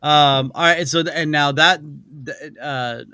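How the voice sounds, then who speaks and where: Man, talk show host, quick jokes, laughs a lot, dry close mic. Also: a little high, pushed and bright, clean tone, no echo. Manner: jokey, laughs easily, quick quips. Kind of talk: casual interview chat.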